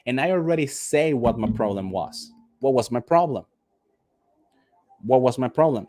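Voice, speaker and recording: A Nicaraguan man with a medium-pitched, slightly mellow voice leads an online English lecture for call center workers. His delivery is emphatic; he repeats questions to the students and performs an irate customer.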